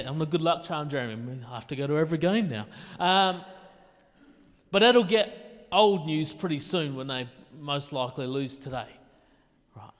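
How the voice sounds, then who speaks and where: A man preaching a sermon in a casual, conversational way, with quick asides. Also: on the high side, long reverb tail. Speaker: pastor.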